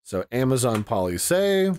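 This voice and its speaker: A man's voice: medium pitch, very animated, normal speed, darkish tone. A man hosting a casual tutorial, explaining in a rambling, conversational way and thinking aloud as he goes. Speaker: tutorial host. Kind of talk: casual screen-recorded tutorial.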